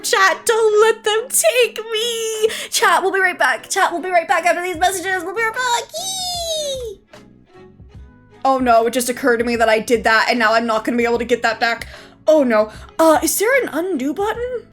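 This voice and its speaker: A woman streamer chatting casually, rambling and excitable, jumping from one thought to the next. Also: on the high side. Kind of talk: casual live-stream chat.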